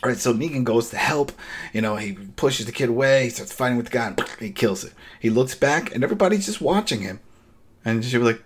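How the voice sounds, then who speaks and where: A man's voice: on the low side, fairly quick, slightly rough. A man in casual chat, animatedly recapping a show episode and acting out the characters' lines. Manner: animated retelling, acts out quotes.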